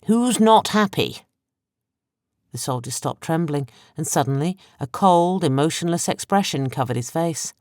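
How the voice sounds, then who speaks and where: A woman narrating a science fiction audiobook in a measured, clear storytelling manner, close to a studio microphone. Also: deep voice, a little mellow, dry recording. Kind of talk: scripted narration.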